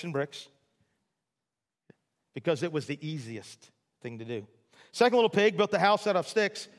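High-voiced preacher in an echoey hall. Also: male voice. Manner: chatty, jokey storytelling with many asides. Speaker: pastor. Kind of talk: sermon.

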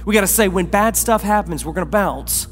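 A man preaching a sermon as pastor, swinging from loud, raised lines down to quiet, soft ones. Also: high voice, brisk, faint music behind. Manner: dynamic preacher, rising loud then dropping soft. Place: church sanctuary. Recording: long hall reverb.

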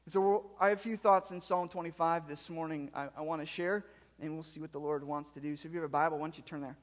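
A pastor preaching a sermon and talking with his congregation. He moves from quiet reflection to loud, emphatic preaching. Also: on the high side, fairly even intonation, quick pace, in a large hall. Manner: interacts with the congregation.

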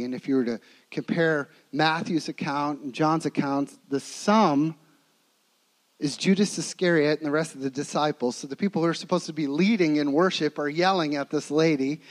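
A man with a fairly high voice delivers a sermon as a vivid retelling. He leans hard into some phrases and drops almost to a hush on others, pulling listeners into the scene. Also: normal speed, rough recording. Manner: dramatic storytelling, swinging between emphatic and hushed. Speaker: preacher.

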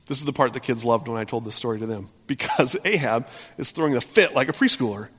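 A male pastor retelling a scripture story in an animated sermon, often restarting his sentences. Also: mid-range voice, fast, breathy edge. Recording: long hall reverb.

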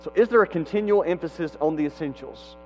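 A man with a high voice delivers an emphatic sermon in a church, repeating his key questions for weight. The sound is dull and lo-fi, with a long reverb tail from the big room and a faint electrical hum underneath. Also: fast. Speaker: pastor.

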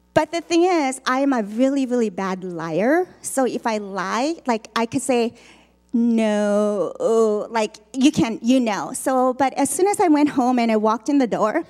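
A middle-aged woman tells her own story with candid earnestness, talking conversationally and leaning on fillers as she goes. Her voice sits a little high for a woman. It rings out with a long reverb, as if she were speaking in a large hall. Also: darkish tone. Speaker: speaker sharing a personal testimony. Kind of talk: personal testimony talk.

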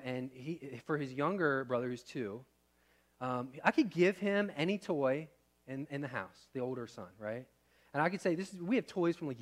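Guy pastor giving a sermon, chatty, asks the crowd stuff, goes loud then quiet. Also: mid-range voice. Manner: conversational, rhetorical questions, shifting loud and soft.

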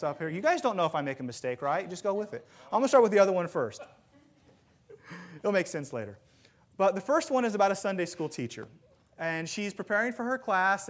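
A man preaching a sermon to a congregation, telling stories with lively, self-deprecating asides. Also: high-pitched. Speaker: pastor. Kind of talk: sermon with jokes. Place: church sanctuary with congregation.

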